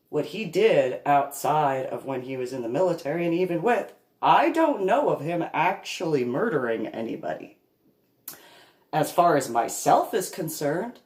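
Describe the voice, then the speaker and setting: Woman, unscripted parent monologue. Slow, deliberate, emphatic delivery with a lively pitch. Recorded in an echoey room. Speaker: parent telling her story.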